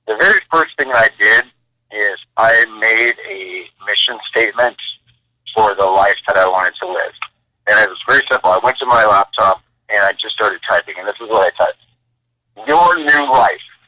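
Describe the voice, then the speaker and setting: Very bright, blunt motivational man. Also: fairly low pitch, moderate pace, no room sound, low-quality recording. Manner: blunt, punchy exhortations. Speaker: podcast guest, military veteran. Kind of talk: motivational conversation.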